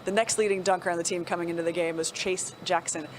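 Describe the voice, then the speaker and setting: A woman hosting a sports talk show, running through stats in a quick, upbeat way and laughing often. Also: on the low side, fairly even intonation, a little hiss or hum.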